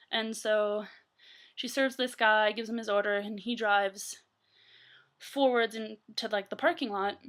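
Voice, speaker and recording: A woman's voice: mid-range voice, fairly bright tone. A young adult woman telling stories casually in a vlog, rambling with many fillers and laughing often. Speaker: vlogger. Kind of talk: casual storytelling.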